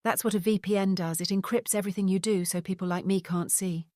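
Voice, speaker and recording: A woman voicing a blunt, wealthy, tech-savvy divorcee who explains things briskly in an audiobook. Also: medium pitch, fairly even intonation, a little mellow, no room sound, studio quality, natural voice. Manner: brisk, matter-of-fact explaining.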